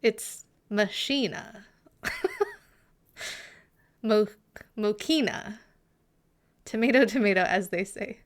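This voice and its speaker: A woman's voice: medium pitch, huge pitch swings, drawn-out words, long pauses. A woman streamer in casual live chat with her viewers, chatty and giggly, sometimes muttering asides to herself.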